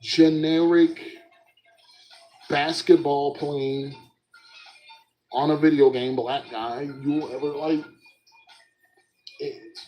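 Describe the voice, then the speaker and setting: A young man hosting a casual solo podcast, telling stories in an animated way and often breaking into laughs. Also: on the high side, slow, long pauses, muffled recording, a little hiss or hum.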